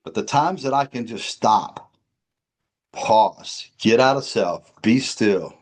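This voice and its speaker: A man's voice: fairly low pitch, animated, takes it slowly. A man co-hosting a recovery podcast, talking in an earnest, emphatic, preacherly way. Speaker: podcast co-host.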